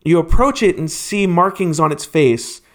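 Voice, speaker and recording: Slow-narrating game master, a man. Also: on the high side, lively intonation.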